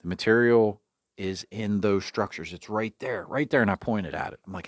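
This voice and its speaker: Low-voiced man telling a sarcastic story. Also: normal speed, no echo, studio quality. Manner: animated storyteller acting out quoted exchanges, sarcastic. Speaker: podcast host. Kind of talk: storytelling, recounting a dispute.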